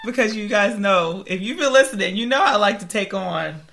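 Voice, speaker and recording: A woman's voice: mid-range voice, a little fast, vocal fry. A woman in her thirties co-hosting a casual chat podcast, telling a story with lots of laughter. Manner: animated storyteller, laughs often. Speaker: podcast co-host.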